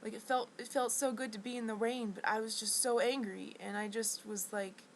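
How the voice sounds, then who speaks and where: A woman's voice: fairly high pitch, fairly even intonation, slight background noise, poor audio. Woman rambling in an agitated monologue. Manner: halting and restless, with many restarts and fillers; agitated, indignant storytelling. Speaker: vlogger.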